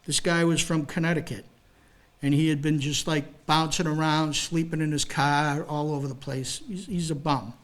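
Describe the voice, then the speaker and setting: A man's voice: a little high, fairly even intonation, normal speed. An older man, a retired police detective, recounting a case to an audience. He reads formal report wording and breaks in with casual asides. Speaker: retired police detective speaking at a library talk. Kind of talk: storytelling, reading from a case report.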